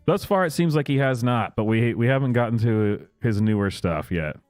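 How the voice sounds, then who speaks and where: A man's voice: mid-range voice, lively intonation, normal speed, a little mellow, no echo, clean studio sound, faint music behind. A man hosting casual reaction commentary, sarcastic and mocking, laughing often. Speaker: commentary host.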